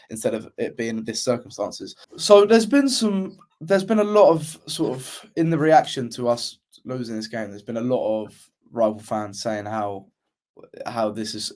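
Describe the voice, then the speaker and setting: A man's voice: mid-range voice, a little mellow. A man co-hosting a football podcast, chatting casually with many restarts and fillers. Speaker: podcast co-host. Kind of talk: casual chat.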